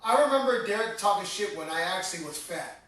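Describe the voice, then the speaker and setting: High-voiced man telling rambling stories. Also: expressive, fast talker, fairly bright tone. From Massachusetts. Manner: rambling storytelling, swears freely. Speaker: DJ and podcast co-host. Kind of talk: casual chat. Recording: echoey room, distant mic.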